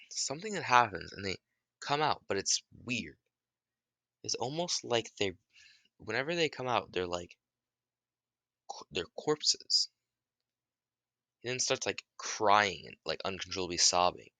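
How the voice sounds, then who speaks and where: A man's voice: on the low side, sing-song, unhurried, long pauses, sharp tone, no echo. A man casually retelling a made-up story, rambling with restarts and the odd curse.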